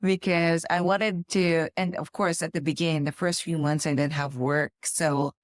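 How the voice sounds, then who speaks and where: A woman's voice: deep voice, level tone, normal speed, dry recording, clean studio sound. A woman from the Philippines co-hosting a casual podcast chat, talking thoughtfully with frequent restarts. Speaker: podcast co-host.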